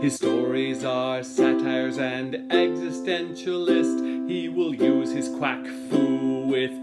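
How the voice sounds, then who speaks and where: A woman's voice: extremely low pitch, takes it slowly, loud music behind the voice. A woman singing the part of a weary male genie who explains things patiently. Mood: explaining. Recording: loud ukulele under the voice.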